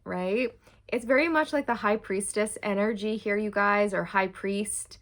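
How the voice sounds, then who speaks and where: A woman talking to camera in a chatty, animated way as she gives a channeled tarot reading to her viewers. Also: medium pitch, a little slow. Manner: chatty, animated, addresses viewers as "you guys". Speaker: tarot reader.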